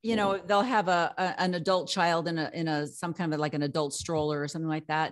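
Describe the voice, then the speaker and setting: A woman host talks in relaxed, casual conversation and reacts supportively to her guest. Her voice sits fairly low for a woman. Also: fairly quick. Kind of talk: casual chat.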